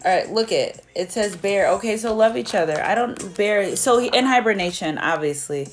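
A woman's voice: mid-range voice, animated, normal speed, soft background music. A young woman giving a casual live tarot reading, chatty and blunt, swearing freely as she talks to her viewers. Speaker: tarot reader.

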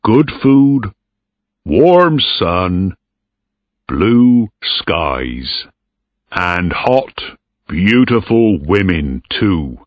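A man voicing a rough, joking sailor who talks loud and boisterous. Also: low voice, sing-song, very slow, dry recording, narrow, tinny audio, exaggerated voice. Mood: cheeky. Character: cheeky rough male sailor, jokey.

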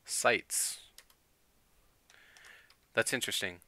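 Throat-clearing streamer man, sharp bright voice. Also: drawn-out words, no room sound. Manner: keeps clearing his throat; chatty, thinks aloud with fillers and laughs. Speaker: game streamer. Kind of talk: casual live-stream chat with viewers.

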